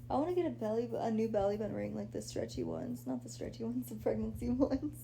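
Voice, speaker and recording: Young woman, casual livestream host, laid-back and chatty, mellow tone with lots of vocal fry, faint hum behind. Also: on the high side, sing-song, fairly quick, hardly any pauses. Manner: chatty, laid-back, says "like" and "y'all" a lot. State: pregnant, a little out of breath. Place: her apartment, lying down.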